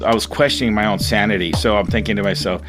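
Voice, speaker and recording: A middle-aged man, a fisherman, telling his own story in a rambling, animated way, often laughing as he talks. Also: lowish voice, fast, music in the background. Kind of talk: casual storytelling interview.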